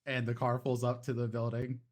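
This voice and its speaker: A man's voice: mid-range voice, monotone, brisk, darkish tone. A man narrating as game master of a tabletop game in a casual way, with plenty of fillers.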